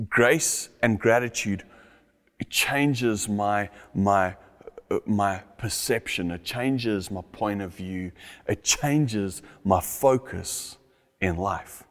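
A man's voice: lowish voice, slow pace, long pauses, big-room sound. A middle-aged man delivering a sermon, earnest and fond of repeating his key phrases for emphasis. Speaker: pastor.

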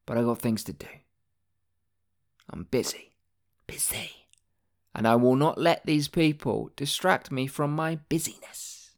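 A man's voice: mid-range voice, moderate pace, few pauses. A man hosting his own podcast, ranting angrily and swearing, repeating himself as he goes. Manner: angry, sweary, repetitive ranting. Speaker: podcast host. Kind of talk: ranting monologue.

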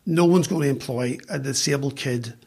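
A middle-aged man with a Northern Irish accent, chatting as a podcast guest and telling self-mocking stories in an animated way. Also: medium pitch, moderate pace, gravelly, husky. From West Belfast, Northern Ireland. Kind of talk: casual storytelling.

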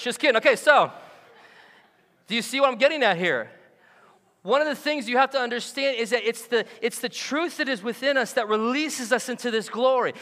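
A man preaches to his congregation, his voice bright and pitched high. His delivery swings widely in pitch as he jokes and acts out the people he describes. The sound carries a long reverb from the church hall. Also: normal speed. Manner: animated and joking, acts out quoted voices. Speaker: pastor. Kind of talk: sermon. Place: church sanctuary.

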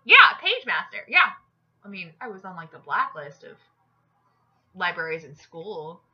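A woman hosting a podcast, telling jokes in an animated, chatty way. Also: on the low side, a little slow, slightly rough, highs cut off. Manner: animated, jokey storyteller with fillers. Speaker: podcast host. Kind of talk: casual joke-telling chat.

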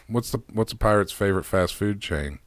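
A man's voice: on the low side, a little fast, dry recording. A man co-hosting a podcast, chatting casually and reading a silly word-game story aloud, laughing at his own readings. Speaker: podcast co-host.

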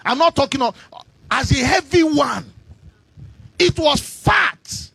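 A man preaching a sermon, shouting in a sing-song cadence and calling on the congregation to respond. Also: very high-pitched, lively intonation, slow pace, creaky, dry recording.

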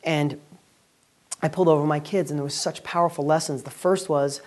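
A man hosting a weekly video and speaking to camera as a real estate educator, giving an energetic, upbeat motivational talk. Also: on the high side, brisk.

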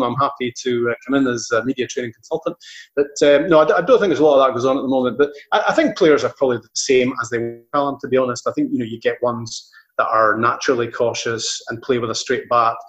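Casting: a middle-aged Scottish football commentator as an interview guest, anecdotal and rambling, full of restarts, on slightly dull, lo-fi audio. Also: male voice, mid-range voice, quick pace. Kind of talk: casual interview chat.

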